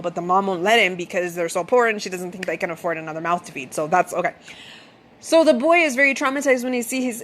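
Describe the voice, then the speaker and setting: On a podcast, a woman with a lowish, slightly bright voice casually retells a movie plot, chatting away and swearing freely.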